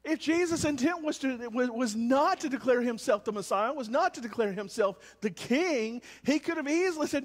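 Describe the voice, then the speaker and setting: A man preaches with a very high, ringing voice. He jumps from loud calls to hushed, low lines. The sound carries a long reverb. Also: moderate pace, few pauses. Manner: animated, swings between shouting and quiet. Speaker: pastor. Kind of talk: sermon. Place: church service, with cars passing by.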